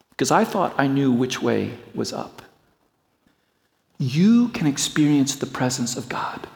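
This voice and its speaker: A middle-aged man preaching a sermon as a pastor, moving from slow reflective passages to quick storytelling. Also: a little high, vocal fry, darkish tone, long reverb tail.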